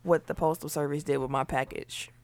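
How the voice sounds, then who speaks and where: A woman co-hosting a casual podcast chat, talking loosely with lots of "like" and quick laughs. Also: low-pitched, steady tone. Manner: chatty, laughs often, says "like" a lot. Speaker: podcast co-host.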